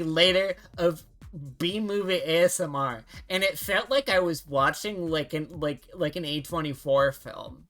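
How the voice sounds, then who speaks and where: A young adult woman streamer chatting casually, rambling and halting with many restarts and the odd swear. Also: lowish voice, fairly bright tone.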